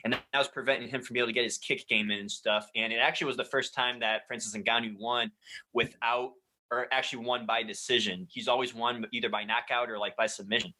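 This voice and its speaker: Bright-voiced man explaining sports news. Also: mid-range voice, steady tone, fast talker, poor audio. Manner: explanatory, full of fillers like "like" and "kinda". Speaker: sports podcast co-host. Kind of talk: casual sports chat.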